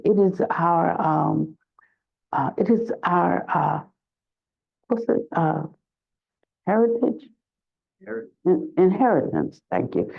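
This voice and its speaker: An older woman gives a slow, unhurried dharma talk as a Buddhist teacher. She is reflective and pauses to search for words, then grows lively when she tells a story. The recording is dull and lo-fi. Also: on the low side, creaky, slightly rough.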